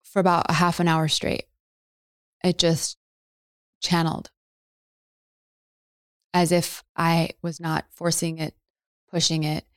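A woman podcast host telling a personal story in an earnest way, with drawn-out dramatic pauses and lots of "like". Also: low-pitched, flat delivery, smooth, no room sound, studio quality.

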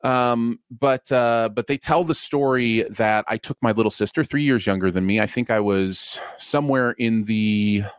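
A man co-hosting a casual chat, easygoing and self-deprecating, often pausing to find his words. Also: mid-range voice, smooth, dry recording, clean studio sound. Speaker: co-host.

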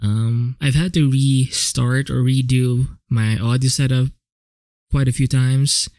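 A man talks alone on his own podcast in a loose, rambling way, dropping curse words and restarting his sentences as he goes. His voice sits at an ordinary pitch with a gravelly edge. The sound is close and dry, with no room around it. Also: steady tone, takes it slowly, a little mellow, no room sound. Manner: casual, rambling, swears freely, frequent self-corrections. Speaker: podcast host. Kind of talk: solo reflective podcast monologue. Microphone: home podcast microphone.

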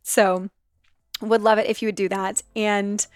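A woman's voice: mid-range voice, flat delivery, brisk, clear, resonant tone, dry recording, studio quality. A woman hosting a podcast in casual chat, bubbly, laughing often and swearing freely. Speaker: podcast host.

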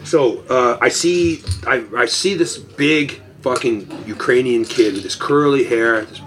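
Picture a middle-aged man in his element, spinning long stories. He swears freely, talks in an animated rush and acts out the voices of the people in his tale. His pitch sits in the ordinary middle for a man. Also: a little slow, a little hiss or hum. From Toronto, Canada. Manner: profane, animated, acts out quotes. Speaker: guest, punk singer. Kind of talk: casual storytelling.

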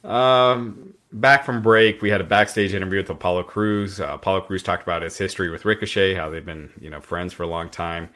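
A man's voice: low voice, fairly even intonation, a little fast, fairly bright tone. A man hosting a casual podcast, recapping events in a rambling way with fillers and restarts. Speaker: podcast host recapping wrestling.

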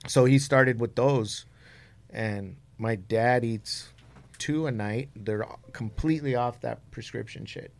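A man's voice: mid-range voice, slow, vocal fry. A man in his fifties, a podcast host, telling stories in casual chat and swearing freely. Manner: animated storyteller, swears freely.

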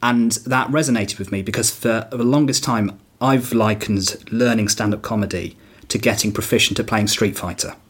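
Husky-voiced man musing on comedy craft. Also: fairly low pitch, fairly even intonation, normal speed. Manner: reflective, rambling with fillers and restarts. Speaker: stand-up comedian guest. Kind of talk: casual podcast chat.

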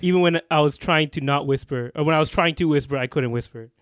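A man's voice: on the high side, quick pace, no echo, studio quality. A man co-hosting a podcast in casual, joking banter with his cousin, often laughing. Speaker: podcast co-host. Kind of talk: casual chat.

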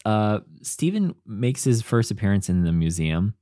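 A man with a low voice that swings widely in pitch, talking casually as a podcast co-host. He is animated and slips into quoted voices as he talks. The sound is close and dry. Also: moderate pace, no echo. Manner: animated, acts out characters' lines in quotes. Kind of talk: casual chat.

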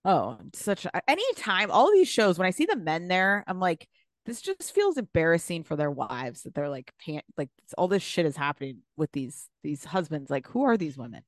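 A woman's voice: low voice, very animated, normal speed, dry recording. A woman co-hosting a podcast in casual chat, gushing and using lots of fillers. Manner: gushing, filler-heavy, laughs easily. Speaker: podcast co-host.

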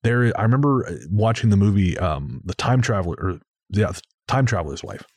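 A man with a fairly low voice talking casually on a podcast, stopping and restarting his sentences as he searches for words. The sound is dry and close, with little room echo. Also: animated, a little mellow. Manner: halting, with restarts and self-corrections. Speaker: podcast co-host. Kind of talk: casual chat.

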